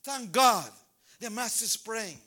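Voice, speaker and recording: A man preaching a sermon at a church service, animated, repeating names and breaking into shouted exhortations. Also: extremely high pitch, a little slow.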